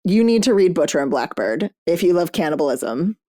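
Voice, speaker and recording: A woman's voice: fairly low pitch, sing-song, fairly quick, warm tone. A woman hosting a book club podcast, chatting casually in a blunt, profane way. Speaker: podcast host.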